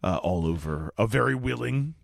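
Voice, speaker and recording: A man co-hosting a comedy podcast in casual, jokey chat, laughing often and tossing in quick mock lines. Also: on the low side, animated, creaky, dry recording, clean studio sound. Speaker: podcast co-host.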